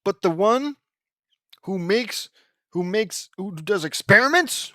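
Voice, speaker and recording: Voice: medium pitch, expressive, slow, bright, forceful tone, dry recording, clean studio sound. A fan fiction audiobook reader breaking off into rambling, exasperated commentary with frequent restarts. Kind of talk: casual reading with commentary.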